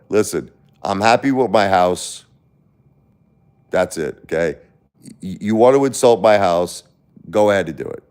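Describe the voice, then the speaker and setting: A man's voice: low voice, lively intonation, moderate pace, a little mellow, smooth. A man hosting a casual livestream, talking bluntly and repetitively to his chat, confronting viewers by name. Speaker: livestream host.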